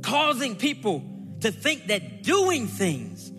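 A man preaching a sermon, dramatic, acting out the scripture story with shouted lines and playful asides. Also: very high voice, huge pitch swings, slow, in a large hall, over music.

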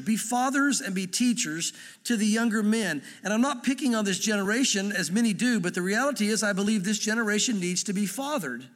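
A middle-aged pastor gives a sermon in a light, high voice, earnest and conversational with a bit of gentle humor. A large hall's long reverb rings around him.

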